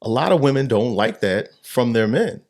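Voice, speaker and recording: A man's voice: mid-range voice, animated, normal speed, darkish tone. A man co-hosting a podcast, probing with questions in casual chat. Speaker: podcast co-host.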